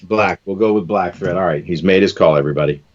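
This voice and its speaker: A man's voice: low-pitched, fast talker, dull audio. A man hosting a live stream, chatting casually and enthusiastically while tying fishing lures, often calling people "man".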